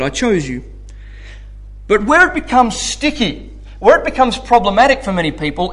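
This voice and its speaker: A man teaching a sermon in a conversational way, often checking in with the audience. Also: sits high. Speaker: preacher teaching a Bible study.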